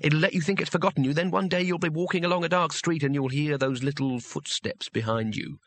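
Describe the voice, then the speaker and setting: A man voicing a cowardly, gloomy male wizard who gives quiet, ominous warnings. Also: fairly high pitch, a little fast, dry recording. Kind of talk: audiobook character voice.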